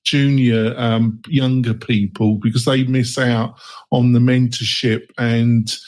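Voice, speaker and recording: A man hosts a round-table podcast, thanking his panel and moving things along. He talks in a chatty, halting way, with a mid-range voice. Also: medium pitch, level tone, a little mellow. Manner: chatty, halting, lots of fillers. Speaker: podcast host.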